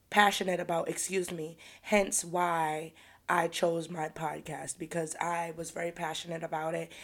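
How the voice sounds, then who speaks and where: A young woman in her twenties hosting her own podcast, talking candidly and chattily and swearing casually. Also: low-pitched. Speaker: podcast host. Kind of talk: casual solo podcast chat.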